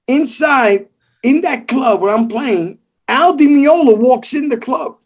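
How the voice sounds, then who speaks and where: Animated husky bronx storyteller guy. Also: very high voice, measured pace. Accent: New York. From the Bronx, New York. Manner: animated, swearing, acting out voices in his stories. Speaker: guest percussionist. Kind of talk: casual storytelling interview.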